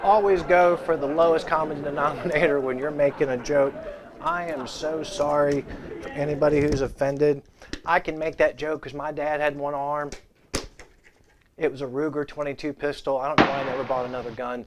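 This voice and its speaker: Speaking at a normal pace over a noisy background, a guitar gear channel host records a relaxed vlog at home. His slightly high voice rambles through spontaneous wisecracks and playful banter toward the camera.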